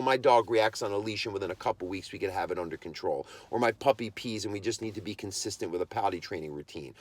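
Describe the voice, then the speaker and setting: A man's voice: mid-range voice, no room sound. A man who trains dogs, hosting his own podcast and delivering a blunt, impassioned monologue. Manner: impassioned ranting, blunt and emphatic. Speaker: podcast host and dog trainer.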